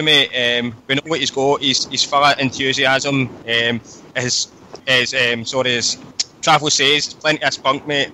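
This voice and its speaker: A man's voice: mid-range voice, sharp tone, slight background noise, poor audio. A man on a phone-in, enthusiastic and saying mate constantly, with many ums. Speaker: caller. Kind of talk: casual phone-in chat.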